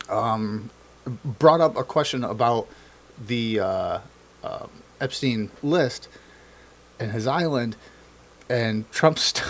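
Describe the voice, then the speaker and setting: A man co-hosting a casual political chat, talking in an animated way, swearing often and acting out what politicians said. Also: mid-range voice. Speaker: co-host.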